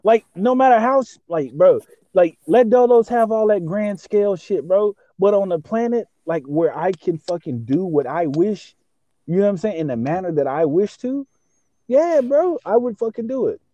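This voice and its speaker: A young man in casual chat, excitable and slangy, swearing and stacking fillers as he talks. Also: high-pitched, normal speed, no echo. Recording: dull lo-fi sound.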